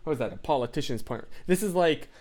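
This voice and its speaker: A man's voice: on the high side, lively intonation, fast talker, a little mellow. A young man hosting a casual livestream, chatting and reacting to viewer comments in a rambling way, full of tangents and fillers. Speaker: livestream host.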